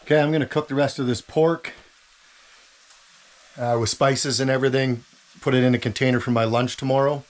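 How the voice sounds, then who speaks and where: A man filming a relaxed camp cooking vlog inside an ice fishing tent, savoring his food and talking with his mouth full. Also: mid-range voice, fairly quick, pauses often. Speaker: outdoor vlogger.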